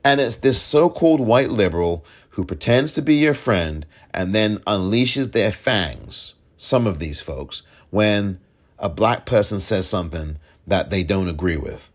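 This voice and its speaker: Male podcast host, low voice, lively emphatic delivery, exasperated commentary. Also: unhurried. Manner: emphatic, exasperated, repeats points for stress. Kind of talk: solo political commentary.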